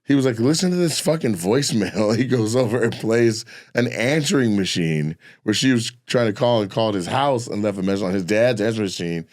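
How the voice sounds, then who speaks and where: Animated man telling a crude story. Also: lowish voice, fairly quick, few pauses. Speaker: comedian podcast co-host. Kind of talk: casual chat, storytelling.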